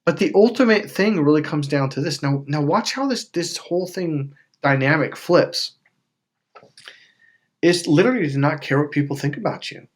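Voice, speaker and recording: A man hosting a self-help video, telling stories in a casual, animated way with frequent swearing. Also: on the high side, normal speed. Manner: animated storytelling with swearing and acted-out quotes. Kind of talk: casual motivational talk.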